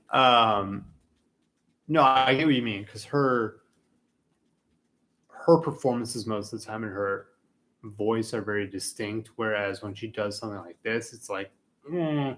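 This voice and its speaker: Young man, podcast co-host, excitable, cursing, casual film chat. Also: on the low side, slow pace, pauses often. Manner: excitable, heavy swearing, animated rants.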